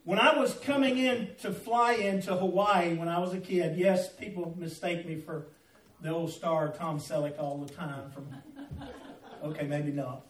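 A man's voice: high-pitched, moderate pace, roomy sound, distant mic, rough recording. A middle-aged man preaching a sermon as pastor, folksy and humorous, calling out to his congregation. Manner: folksy preaching with humor and audience call-outs. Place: church sanctuary.

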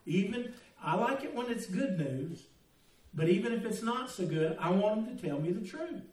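Older male pastor, mellow voice, folksy then earnest, picked up from across a roomy sanctuary. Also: sits high, lively intonation, normal speed. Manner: folksy, joking storyteller turning earnest. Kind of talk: sermon. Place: church sanctuary. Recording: roomy echo, mic at a distance.

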